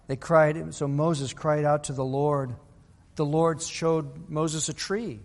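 A man's voice: on the high side, flat delivery, takes it slowly, darkish tone, in a large hall. A male pastor preaching a sermon, telling a Bible story and acting out the people's voices. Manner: storytelling, acts out biblical voices.

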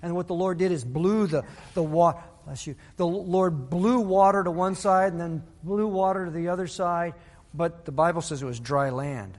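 A man's voice: a little high, normal speed, a little mellow, big-room sound. A male pastor preaching a sermon, telling a Bible story and acting out the people's voices. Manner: storytelling, acts out biblical voices.

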